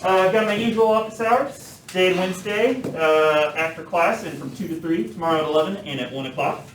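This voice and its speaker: A man lecturing a math class in a relaxed, joking manner with frequent fillers. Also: high-pitched, brisk, a little hiss or hum. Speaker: math professor. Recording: echoey classroom, mic some distance off.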